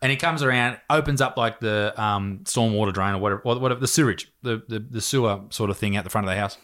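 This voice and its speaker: A man's voice: fairly low pitch, fast talker, fairly bright tone. A man, telling a story in casual chat, swearing freely and laughing often.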